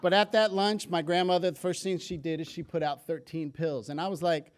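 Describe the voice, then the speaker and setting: A man's voice: on the high side, steady tone, fairly quick. Humorous storytelling man on stage. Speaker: speaker. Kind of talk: public health talk.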